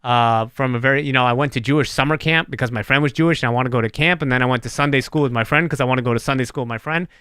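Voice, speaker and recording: Man, podcast host, bright voice, dry close sound, rambling jokey chat. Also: medium pitch, rapid-fire, few pauses, smooth, no room sound. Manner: rambling, animated, jokey tangents. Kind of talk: casual comedic chat.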